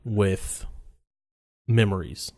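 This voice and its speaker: A man's voice: on the low side, takes it slowly, darkish tone, no room sound, clean studio sound. A man co-hosting a casual movie podcast, laid-back, swearing freely and laughing often. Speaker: podcast co-host. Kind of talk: casual chat.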